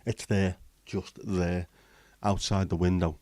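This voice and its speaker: Here a man with a low, dark voice chats casually with his livestream audience, rambling and joking along the way. He talks slowly and keeps a level tone, recorded dry in studio quality.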